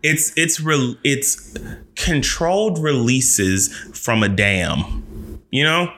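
A man's voice: mid-range voice, expressive, slow, sharp tone, a little hiss or hum. A man co-hosting a podcast in casual chat, playful and teasing, laughing often. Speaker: podcast co-host. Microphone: studio podcast mic.

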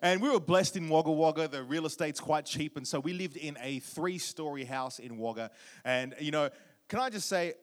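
A man preaching a sermon, warm storytelling with jokes and questions to the congregation. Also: fairly high pitch, moderate pace. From Australia. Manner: humorous, audience-engaging storytelling. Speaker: guest preacher.

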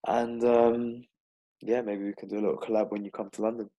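A man hosting a casual interview, talking in a relaxed, rambling way with plenty of fillers. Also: on the low side, brisk. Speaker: podcast host. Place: London-based.

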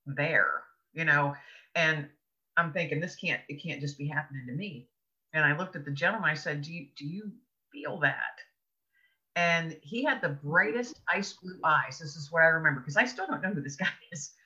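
Woman guest, earnest expressive storyteller, very bright piercing voice, dull lo-fi recording. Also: on the low side. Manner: earnest, expressive storyteller who laughs between thoughts. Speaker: podcast guest, author. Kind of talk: personal storytelling in an interview. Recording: dull lo-fi audio.

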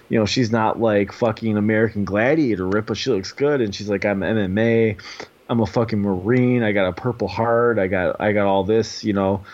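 A man in his thirties talks in a loose, rambling way, packing his sentences with fillers and swearing. His voice sits on the low side. The recording is dull and lo-fi. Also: darkish tone. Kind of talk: casual podcast chat.

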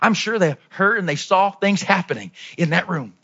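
A man preaching a lively sermon as pastor, dropping to low asides and rising to shouted peaks. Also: moderate pace, lo-fi sound, slight background noise.

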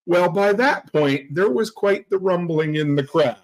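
A man hosting a live stream in casual chat, telling stories with jokes and lively asides. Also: high-pitched, unhurried, low-quality recording. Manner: animated storytelling, joking.

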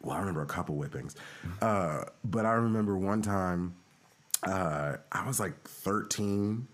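A man telling family stories in a casual, animated chat, often slipping into impressions. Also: sits low, measured pace. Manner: animated storytelling, with frequent impressions. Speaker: family storyteller.

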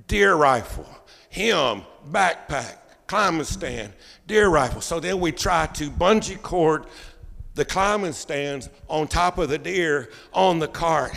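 A man pastor preaching a sermon as a folksy, animated storyteller. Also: a little high, creaky, big-room sound. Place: church sanctuary.

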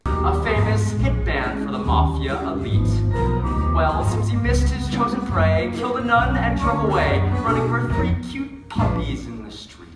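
A man singing the part of a ruthless, powerful male law professor in a stage musical. He sings with a sharp, mocking bite. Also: sits high, big pitch swings, a little slow, loud music behind the voice, voice pushed up. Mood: menacing, singing. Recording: echoey live stage recording with loud band.

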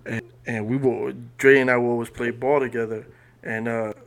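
Relaxed man telling a story on a podcast. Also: medium pitch, moderate pace. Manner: relaxed storyteller with small restarts. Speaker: podcast co-host. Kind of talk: casual podcast chat, storytelling.

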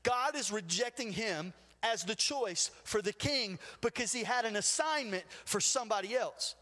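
High, bright-voiced preacher in a hall. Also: male voice, normal speed. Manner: storytelling, animated retelling with acted quotes. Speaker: pastor. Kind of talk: sermon.

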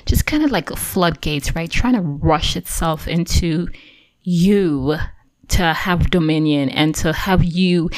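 Speaking slowly in a voice on the low side, a woman gives an earnest, encouraging Christian devotional talk. She's conversational, with many fillers and restarts.

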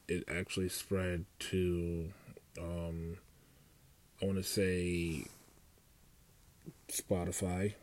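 This podcast host is a man with a deep, flat voice. He rambles through a casual solo monologue, piling on fillers and restarting his sentences often.

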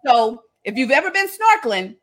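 Brief: woman vlogger, high voice, animated casual storyteller who laughs through it. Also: moderate pace. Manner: animated, laughing, acts out dialogue. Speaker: vlogger telling a family story.

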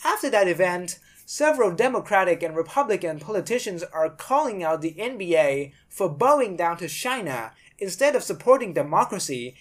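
A woman's voice: lowish voice, big pitch swings, normal speed, few pauses. A woman hosting a podcast, giving blunt, sarcastic commentary and swearing freely. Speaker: podcast host.

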